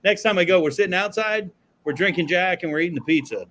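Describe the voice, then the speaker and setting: Man, casual studio talk, profane, storytelling, slightly high voice. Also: fast, fairly bright tone, a little hiss or hum. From Florida. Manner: profane, storytelling, laid-back. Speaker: podcast co-host. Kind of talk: casual chat.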